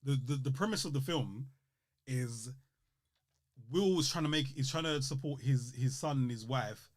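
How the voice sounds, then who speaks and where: A young man, chatting on a podcast. He tells stories with energy and acts out the scenes in voices of their own, and his own voice sits at an ordinary pitch. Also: moderate pace. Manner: animated storyteller, acts out film scenes in different voices. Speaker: podcast co-host. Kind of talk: casual chat.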